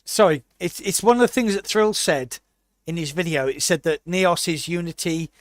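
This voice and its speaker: A British man co-hosting a casual podcast, telling a lively anecdote and briefly putting on the voices of the people in it. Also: on the high side, no room sound, clean studio sound. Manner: animated storyteller, puts on quick voices for people he quotes. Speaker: podcast co-host.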